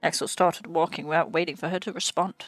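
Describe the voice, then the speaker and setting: A woman's voice: deep voice, steady tone, fast talker, no echo, faint music behind. A young woman co-hosting a gaming video, reading a visual novel aloud, laughing often and swearing casually.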